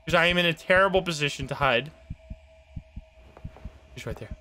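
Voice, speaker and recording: A man streaming a horror game live, reacting jumpily with excitable, swearing commentary. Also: fairly high pitch, normal speed.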